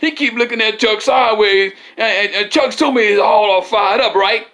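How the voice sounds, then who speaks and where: A man's voice: high-pitched, normal speed, fairly bright tone. A man giving a rambling comedic political monologue, often laughing and repeatedly asking whether you follow him. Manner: repetitive, keeps asking "you see what I'm saying"; laughs often at his own jokes.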